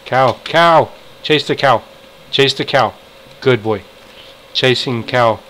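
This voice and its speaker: Man, gamer, casual play-by-play, unhurried delivery, muttering to himself, sudden excited yells, faint hum behind. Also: mid-range voice, low-quality recording. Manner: talks to himself, frustrated outbursts and excited shouts. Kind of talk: casual gameplay commentary.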